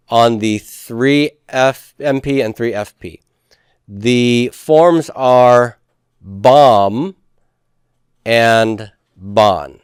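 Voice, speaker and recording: A man's voice: mid-range voice, smooth, dry recording, clean studio sound. A male teacher, giving a patient classroom lecture and leading his students through call-and-response drills.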